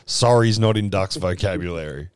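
A man's voice: sits low, moderate pace, smooth, no echo, clean studio sound. An Australian man co-hosting a podcast, talking bluntly and swearing in casual banter. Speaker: podcast co-host.

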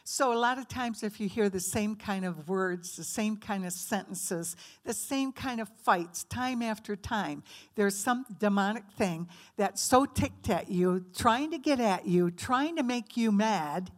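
A woman's voice: mid-range voice, measured pace. A woman giving a conversational teaching sermon to a women's group, asking the audience questions and acting out quoted voices. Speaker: women's ministry speaker.

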